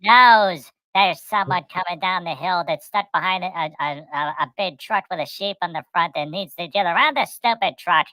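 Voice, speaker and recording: A middle-aged woman telling a long, rambling story in casual chat. Her voice is fairly low but bright and forward. The sound is dry and close. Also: moderate pace, hardly any pauses, dry recording, rough recording. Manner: rambling, animated, acts out voices. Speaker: co-host.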